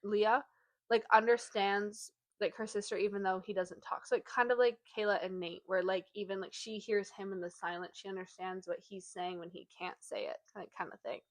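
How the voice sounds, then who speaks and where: At a moderate pace and medium pitch, a woman on a dry recording co-hosts a book podcast and retells a plot. Her talk is chatty and full of fillers, heavy on "like," and she turns animated when acting out quotes.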